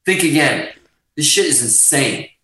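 Guest musician, man, swearing storyteller, slightly high voice, roomy sound. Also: a little slow, recorded from a distance. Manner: profane, animated storyteller. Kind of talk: casual storytelling.

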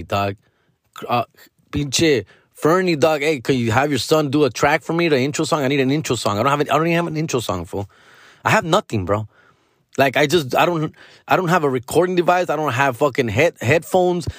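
A man's voice: on the high side, slightly rough, dry recording, clean studio sound. A man in his forties hosting his own podcast, rambling casually in a slangy, profane way and peppering his speech with "fool" and "dog". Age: 40s. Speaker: podcast host. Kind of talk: casual monologue.

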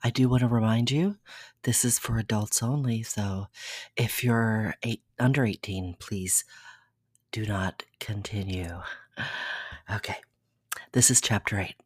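Podcast storyteller, erotic audiobook, soft intimate reading, dry close sound, mid pitch. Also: a little slow, long pauses, breathy edge, no room sound.

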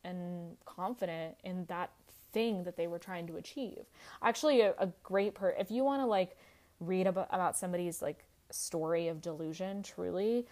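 A woman's voice: lowish voice, darkish tone. Chatty woman podcast host, loose and candid. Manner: chatty, lots of "like" fillers, swears freely, laughs easily. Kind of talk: casual reflective monologue.

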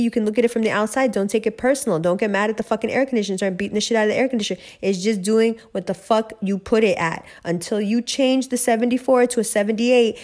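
A woman's voice: mid-range voice, a little mellow. A woman giving a motivational rant as a spiritual reader and coach, blunt and profane, repeating herself for emphasis.

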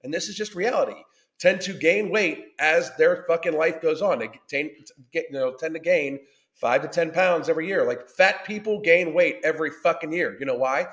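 A man's voice: on the high side, normal speed, a bit bright. Profane ranting man in a roomy echo. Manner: profane, combative and blunt, heavy swearing. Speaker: podcast host. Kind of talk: ranting reaction commentary.

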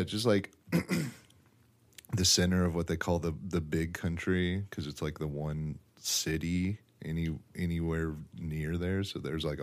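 A young man co-hosting a podcast in casual, blunt, profane chat. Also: very deep voice. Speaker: podcast co-host.

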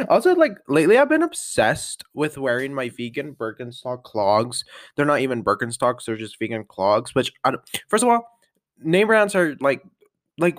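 A man's voice: medium pitch, a bit bright, dry recording, clean studio sound. A man vlogging a casual catch-up, chatty and upbeat, rambling with lots of fillers and little laughs. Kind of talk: casual catch-up vlog chat.

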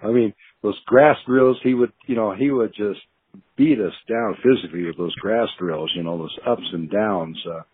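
Over a tinny phone line, a former football player, now older, rambles through stories for an interview, laughing as he recalls them and leaning on fillers. He speaks at normal speed in a fairly low voice with a breathy edge and no room sound.

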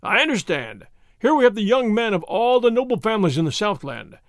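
A man's voice: high-pitched, sing-song, brisk, no echo, clean studio sound. A man voicing a pompous, flustered governor in an audiobook reading, blustering as he talks.

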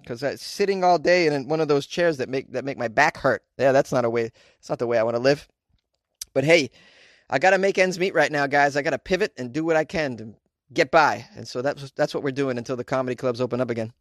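Male podcast host, mid-pitch, joking and rambling, laughs a lot, dry close-mic sound. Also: fairly quick, no echo. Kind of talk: casual podcast monologue.

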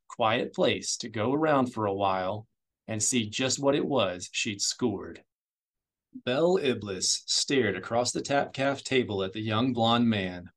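A man narrating a science-fiction novella as an audiobook reader, in a steady, measured storytelling way. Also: lowish voice. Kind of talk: scripted narration.

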